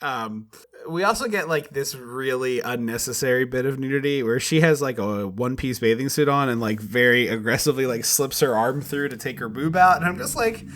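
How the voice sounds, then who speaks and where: A podcast co-host with a mid-range voice chats casually, animated and quick to laugh.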